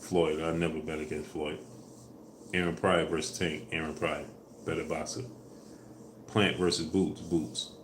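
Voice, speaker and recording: A man hosting a casual live stream, answering viewers in a relaxed way with fillers, louder when asking for likes. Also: extremely low pitch, unhurried, long pauses, a little hiss or hum. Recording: echoey room with faint ambience.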